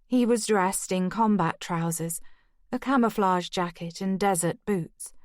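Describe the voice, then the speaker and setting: A woman narrating an audiobook in a measured, steady first-person reading. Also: mid-range voice, no room sound, studio quality.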